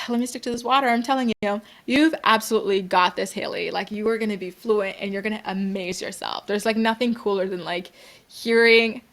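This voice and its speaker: A young Canadian woman runs a laid-back livestream, going through viewer comments in cheerful chat loaded with "like" and "girl." Her mid-range voice is steady, brisk, and fairly bright.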